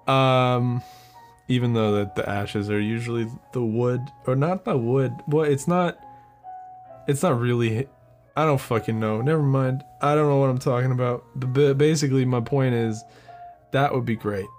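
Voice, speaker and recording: Rambling, profane young man laughing at himself. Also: mid-range voice. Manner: rambling and profane, laughs at his own jokes. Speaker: podcast host. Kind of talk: casual solo podcast monologue.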